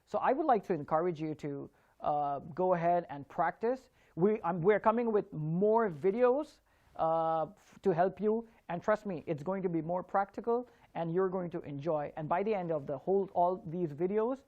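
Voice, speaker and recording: A man giving an online spoken English lesson, drilling words slowly and clearly and encouraging his learners. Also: high voice, narrow, tinny audio.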